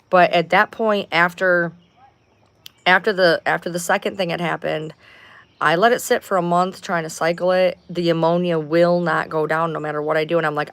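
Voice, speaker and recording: A woman's voice: on the low side, no room sound. A woman hosting a casual livestream from home, rambling, swearing freely and sounding exasperated. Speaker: livestream host.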